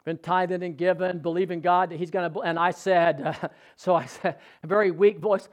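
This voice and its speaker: A man's voice: sits high, fairly even intonation, a little fast. A male pastor preaching a sermon in a conversational, storytelling way, often asking the congregation questions.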